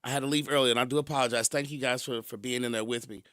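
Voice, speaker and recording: A man hosting a radio show, telling stories in an animated way and chuckling as he talks. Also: mid-range voice, rapid-fire, no room sound, studio quality. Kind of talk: casual radio storytelling.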